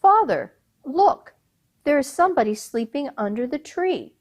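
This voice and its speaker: A kind, eager young prince who calls out to his father in a raised, quick voice, as a woman storyteller puts him on. His voice jumps about in pitch. He is a character in a told folk tale. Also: big pitch swings. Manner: eager and kindly. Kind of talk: oral storytelling.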